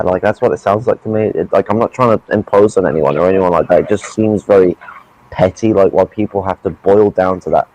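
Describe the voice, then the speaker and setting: A man's voice: low voice, steady tone, fairly quick, warm tone, low-quality recording. A man in casual political chat, blunt and profane, ranting at length.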